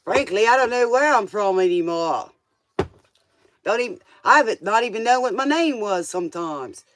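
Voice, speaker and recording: A man's voice: high-pitched, animated, normal speed, fairly bright tone, slight background noise. A man doing a casual tarot reading, chatty and playful, with joking asides. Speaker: tarot reader.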